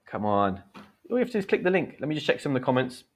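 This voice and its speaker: Speaking rapid-fire with big swings in his medium pitch, a male English teacher chats and teaches on a livestream. He keeps things encouraging and reads out what viewers comment.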